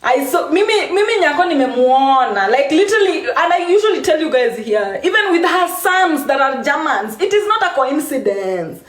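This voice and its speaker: A woman's voice: high voice, big pitch swings, moderate pace, hardly any pauses, roomy sound. A woman with a Kenyan accent talking casually on a live stream, laughing often and repeating phrases for emphasis.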